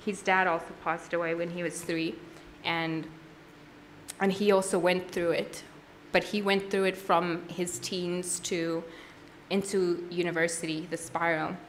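A woman sharing her personal testimony at a worship service, earnest and halting, with frequent pauses and restarts. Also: fairly low pitch, a little hiss or hum. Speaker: church testimony speaker.

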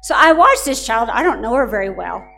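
A woman's voice: fairly high pitch, a little fast, gravelly, soft background music. A middle-aged woman preaching a sermon to parents, telling stories in an earnest, direct way.

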